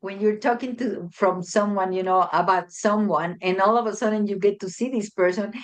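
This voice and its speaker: A woman chatting casually as a guest, animated and often acting out little quoted dialogues. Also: medium pitch, moderate pace. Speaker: guest, family member. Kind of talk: casual chat.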